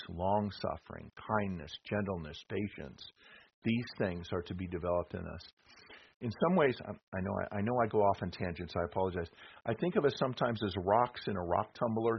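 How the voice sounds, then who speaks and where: A man's voice: fairly low pitch, creaky, slightly rough. A middle-aged man preaching conversationally, reading scripture aloud between rhetorical questions and asides to the congregation. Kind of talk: sermon with slides. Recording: dull lo-fi with faint noise.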